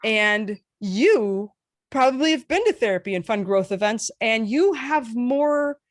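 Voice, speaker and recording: A woman's voice: medium pitch, no echo. Dry-sounding woman leading a workshop. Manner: animated, playful asides, demonstrates intonation. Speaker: workshop facilitator. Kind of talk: casual online workshop teaching.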